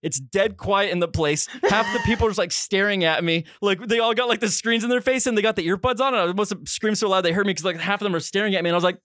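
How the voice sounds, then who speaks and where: A man co-hosting a podcast, telling a story in a casual way, acting out the quotes with sudden high yelps. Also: quick pace, few pauses, fairly bright tone, no echo, studio quality. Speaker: podcast co-host.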